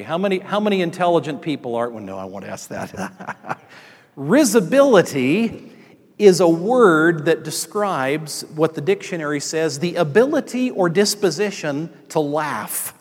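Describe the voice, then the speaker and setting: Man preaching in an echoing hall. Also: on the high side. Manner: storytelling, addressing the congregation directly. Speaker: pastor. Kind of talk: sermon. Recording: long reverb in a large hall.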